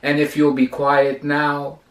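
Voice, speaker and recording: A rabbi lecturing, telling a story with dramatic emphasis. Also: male voice, on the high side, completely flat delivery, slow. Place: lecture hall. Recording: roomy lecture hall, distant mic.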